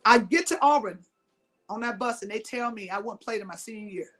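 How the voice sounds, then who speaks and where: A woman's voice: on the high side, brisk, a bit bright. Emphatic woman giving a motivational talk. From Mississippi, US. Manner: emphatic, repeats key phrases, asks audience questions. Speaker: motivational speaker.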